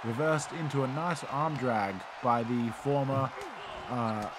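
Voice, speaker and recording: A man's voice: mid-range voice, measured pace, crowd noise, noisy background. A man doing casual play-by-play commentary on a wrestling video game, rambling with fillers and restarts.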